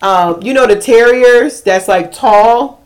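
A woman co-hosting a podcast, telling a story in casual chat, animated and emotional, sometimes breaking into yelling. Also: fairly high pitch, takes it slowly. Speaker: podcast co-host.

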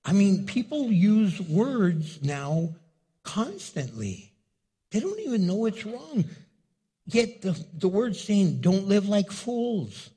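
A middle-aged male pastor preaching in a husky, fairly high voice that swings widely in pitch. He speaks unhurriedly with a warm, mellow tone and acts out quick exchanges with his listeners. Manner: animated, acts out dialogue with the congregation. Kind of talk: sermon.

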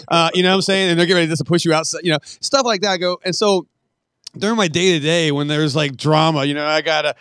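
A man's voice: on the high side, fairly bright tone, smooth, no room sound, studio quality. A middle-aged man telling stories in a casual podcast chat, swearing and laughing often as he rambles. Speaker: podcast guest.

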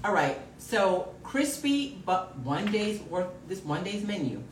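A woman hosting a live podcast in casual chat, animated and sometimes loud, laughing often. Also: mid-range voice, slow pace, reverberant, recorded from a distance, slight background noise, low-quality recording. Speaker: podcast host.

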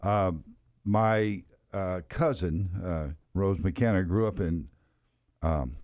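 A man's voice: sits low, slow, darkish tone, dry recording, clean studio sound. A Texas-accented man co-hosting a sports radio show, telling stories in a hesitant way full of restarts. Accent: Texan. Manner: hesitant, many ums and restarts. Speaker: radio co-host. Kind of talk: casual on-air chat.

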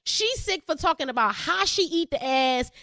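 Brash high-voiced woman podcast co-host. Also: normal speed, dry recording, studio quality. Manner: brash, animated and profane, laughs often. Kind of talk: casual chat.

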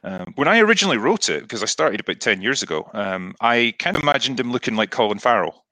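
A man's voice: mid-range voice, sing-song, fast talker, sharp tone, dry recording, low-quality recording. A man being interviewed about his writing, speaking casually with many fillers and restarts. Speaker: author guest.

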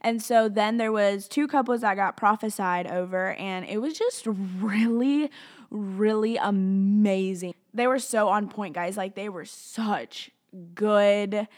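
A woman's voice: mid-range voice, takes it slowly. A young woman from Tennessee and Alabama with a Southern accent, telling a story in a casual vlog, chatty and gushing, full of "like" fillers. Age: young adult.

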